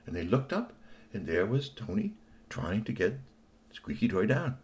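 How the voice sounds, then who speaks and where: A middle-aged man narrating a children's story in an animated way, talking to young listeners. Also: lowish voice, measured pace.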